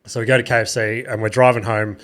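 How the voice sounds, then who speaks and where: A man's voice: mid-range voice, flat delivery, quick pace, a bit bright. Tired Australian man hosting a podcast. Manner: rambling, swears casually, self-mocking. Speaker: podcast host. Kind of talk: casual solo storytelling.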